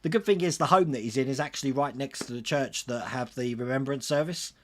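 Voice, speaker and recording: A man's voice: medium pitch, a little fast. A man hosting a casual livestream, reading out viewer comments and answering them in a chatty way. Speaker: livestream host answering chat.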